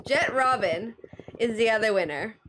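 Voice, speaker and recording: A woman's voice: a little high, animated, moderate pace, a bit bright, slight background noise, poor audio. A woman hosting a casual livestream, reading viewer questions and running a giveaway with easy laughter. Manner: friendly, giggly, reads chat questions. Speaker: stream host.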